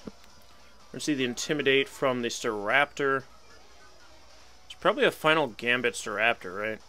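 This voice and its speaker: A man's voice: mid-range voice, animated, normal speed, pushed and bright, soft background music. A young man giving casual live commentary on a video game battle, wry and resigned, laughing at himself now and then. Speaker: gaming channel host.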